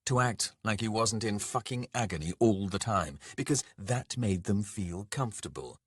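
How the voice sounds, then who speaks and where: A man narrating a dark fantasy audiobook in a measured, dramatic way. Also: lowish voice, animated, husky, no echo, clean studio sound.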